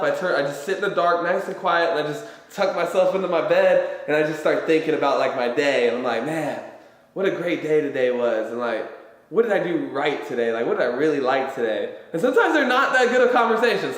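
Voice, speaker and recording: A man giving a casual livestream pep talk as a motivational vlogger, rambling with lots of fillers and free swearing. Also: on the high side. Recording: very echoey room with long reverb.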